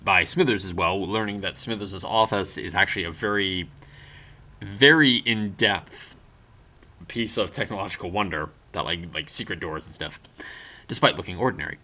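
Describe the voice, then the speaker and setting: A man's voice: low voice, normal speed, bright, forceful tone. A young man casually retelling a book's plot for a review, rambling with lots of "like" and acting out the characters' lines. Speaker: book reviewer.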